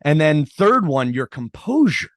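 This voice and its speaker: A man's voice: fairly high pitch, big pitch swings, a little slow, no room sound, studio quality. A middle-aged man hosting a casual podcast interview, telling a story in a rambling way with many restarts and fillers. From Irish heritage, New York area. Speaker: podcast host.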